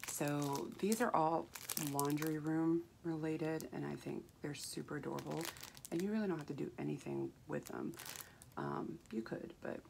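A woman talks softly and casually, rambling through fillers and restarts. Her voice sits low and has a rough, froggy grain. A clear hiss runs under her voice, along with the crinkle of packaging. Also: expressive, normal speed. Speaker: craft haul vlogger. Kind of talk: casual chat.

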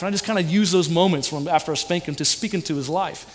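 A man's voice: on the high side, quick pace. A man, preaching a sermon with passion, asking questions and answering them himself. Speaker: pastor. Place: church auditorium. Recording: long reverb of a church hall.

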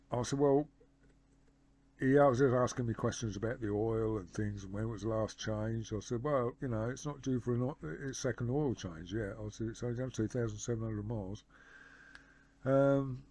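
Casting note: a man talking to camera, rambling, conversational storytelling, warm mellow tone, middle pitch. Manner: rambling retelling of a phone conversation, lots of "he said" and "I said". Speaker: motorcycle vlogger.

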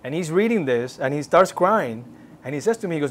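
A man with a fairly high, animated voice gives his testimony at a church service a little fast, reenacting dialogue and earnestly urging listeners on. A little hiss or hum can be heard.

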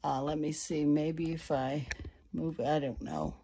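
A woman's voice: deep voice, measured pace, mellow, slight background noise. A woman chatting casually to a phone camera at home, with many fillers and restarts. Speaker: card-making vlogger. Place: at home, indoors.

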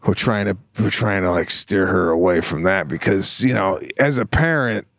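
A middle-aged man co-hosting a casual podcast chat, talking about parenting in a relaxed, earnest way. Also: moderate pace, dry recording. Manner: relaxed, earnest, drops into a low calm voice when quoting himself as a parent. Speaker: podcast co-host.

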